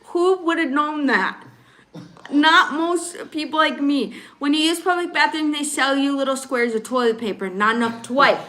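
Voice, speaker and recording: High-voiced chatty woman livestreaming. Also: normal speed, pushed and bright. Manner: chatty, laughing often while reading comments. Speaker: livestream host. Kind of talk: casual live-stream chat. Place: home in rural western Mexico.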